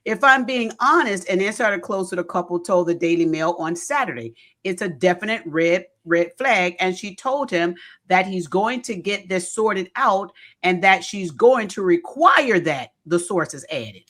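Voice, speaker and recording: A woman's voice: fairly low pitch, unhurried. A woman hosting a casual talk radio show, animatedly reading out news stories and reacting to them. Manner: animated, reads headlines and reacts.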